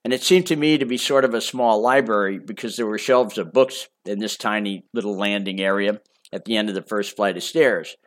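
A man's voice: on the low side, fairly quick. Older man telling his memoir. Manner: casual storytelling, chatty and boastful. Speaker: memoir author. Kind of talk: memoir audiobook narration.

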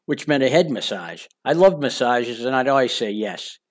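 A man's voice: mid-range voice, expressive, moderate pace. An older man reading his own memoir aloud, candid and conversational, speaking straight to the listener. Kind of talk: audiobook memoir narration.

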